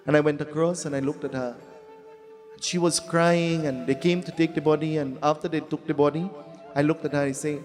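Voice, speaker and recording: A man's voice: a little high, steady tone, brisk. A man with a Trinidadian accent, a pundit giving a folksy, humorous devotional sermon full of repeated phrases. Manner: folksy, humorous, repetitive storytelling. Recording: echoey hall with faint music.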